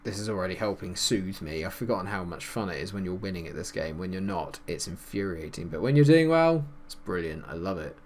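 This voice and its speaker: A man giving casual, chatty commentary over a football management game, calling plays and getting excited at goals. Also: low voice, fairly quick, few pauses, slight background noise. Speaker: gaming YouTuber.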